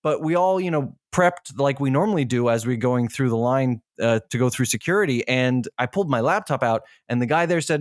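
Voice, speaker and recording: Male podcast co-host, mid-pitch, dry close sound, chatty rambling storyteller. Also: lively intonation, brisk, hardly any pauses, dry recording. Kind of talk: casual chat.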